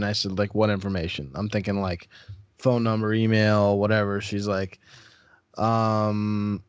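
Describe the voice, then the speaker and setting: A man hosting a podcast as a real estate broker, telling stories in casual chat and getting animated as he acts out the people in them. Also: unhurried, clear, resonant tone, no room sound. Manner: animated storyteller, acts out callers and rises in pitch when worked up.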